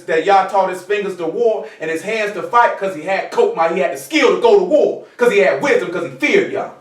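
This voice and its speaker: A man teaching an informal sermon, conversational and repetitive, often asking his listeners if they follow him. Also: high-pitched. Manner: conversational, repeats "you know what I'm saying". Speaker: preacher. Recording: echoey room from far off.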